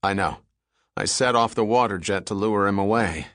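A man reading a grown man who has just fought off a gunman and is out of breath, in a storybook reading. The voice is low and dry. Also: normal speed, fairly bright tone, dry recording, natural voice. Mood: urgent.

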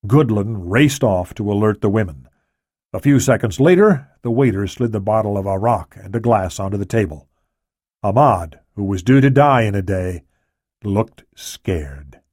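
A man narrating a thriller audiobook in a steady, matter-of-fact way. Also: lowish voice, moderate pace, dry recording, studio quality.

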